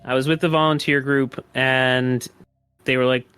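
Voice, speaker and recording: A man's voice: medium pitch, flat delivery, moderate pace, fairly bright tone, clear, resonant tone, no echo. Male podcast guest, casual storyteller, rambles and restarts, salty language, faint music bed. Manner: rambling, profane, many fillers and restarts.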